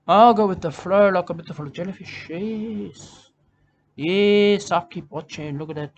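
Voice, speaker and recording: High-voiced rambling man. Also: a little slow, dull audio, a little hiss or hum. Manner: repetitive, rambling, drops catchphrases. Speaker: comic host. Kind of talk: rambling comic monologue.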